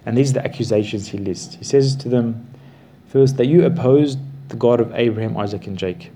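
A man teaching a Bible class, explaining the passage with slow, emphatic stresses and repeated words. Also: mid-range voice, warm tone, slight background noise.

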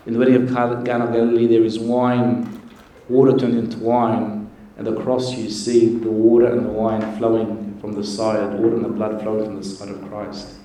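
A man, a priest, giving an earnest, gentle sermon with pauses. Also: lowish voice, completely flat delivery. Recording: echoey church with faint noise.

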